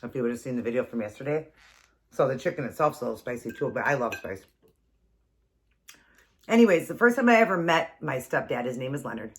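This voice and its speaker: A woman's voice: a bass voice, lively intonation, quick pace, long pauses. A woman in her forties chatting casually as a keto vlogger, rambling through a story with frequent laughs and a runny nose. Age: 40s. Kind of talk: casual storytelling while eating.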